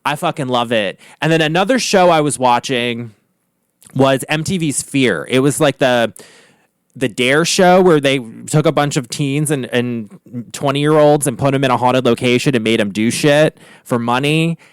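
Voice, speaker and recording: A man chatting casually and profanely on his vlog, gossipy and full of animated asides. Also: medium pitch, moderate pace, smooth, no room sound, clean studio sound. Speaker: vlogger, artist. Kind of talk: casual chat. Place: home art studio.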